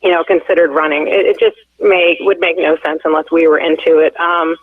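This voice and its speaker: The candidate's wife, in her forties, speaks in a low-pitched, flat, slightly fast voice over the telephone. Her long call-in story wanders, packed with fillers and false starts, and the line sounds tinny and dry.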